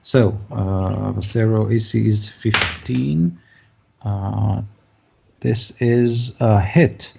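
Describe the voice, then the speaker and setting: A man's voice: fairly low pitch, extremely slow, creaky, noisy background. A man running a tabletop game as game master, narrating hesitantly with many fillers. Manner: hesitant, lots of ums and uhs. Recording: dull lo-fi recording.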